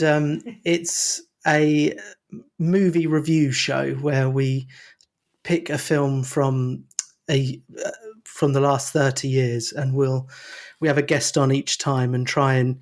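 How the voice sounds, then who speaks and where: A man's voice: on the high side, creaky. A man, a podcast guest who chats in a hesitant, self-deprecating way. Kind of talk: casual chat.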